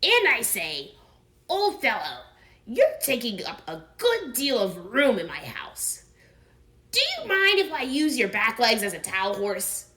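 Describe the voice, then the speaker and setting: Prim, bossy storybook rabbit, put on by a woman; slow, precise, stern. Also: a little high, sharp tone, voice pushed up, heavily acted. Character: fussy, self-important male rabbit.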